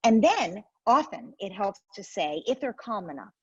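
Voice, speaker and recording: A woman's voice: medium pitch, sing-song, moderate pace, slightly rough, no room sound, muffled recording. A woman, a parenting expert guest, explains her method in an interview and acts out what parents and children say.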